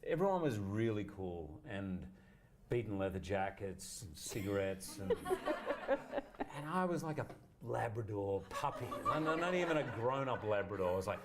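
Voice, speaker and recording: A man's voice: mid-range voice, big pitch swings, moderate pace, crowd noise. A man with an Australian accent, an actor as interview guest, telling stories with laughter and acting out the people he quotes. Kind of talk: animated anecdote telling.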